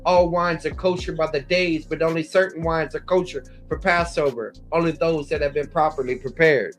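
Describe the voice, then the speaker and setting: A man's voice: a little high, fairly even intonation, moderate pace, faint music behind. A man giving an explanatory Bible lecture, citing verses and paragraphs and sometimes restarting words. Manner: explanatory, cites verse numbers, occasional restarts. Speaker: Bible teacher. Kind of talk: lecture on scripture.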